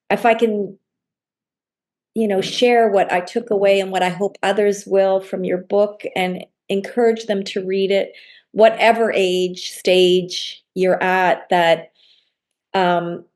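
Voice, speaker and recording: A woman's voice: lowish voice, a little mellow. A woman hosting a book discussion, speaking effusively and gratefully to her guest. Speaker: book circle host. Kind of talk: casual group discussion.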